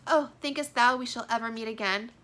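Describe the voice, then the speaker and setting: A lovesick young girl speaks in heightened, emphatic verse, read aloud by a woman. Her voice is bright and ringing, and she stresses each word with feeling. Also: on the high side, a little fast, voice pushed up. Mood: anguished. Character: young lovesick girl, Juliet, anguished and passionate. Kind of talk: dramatic reading of a play.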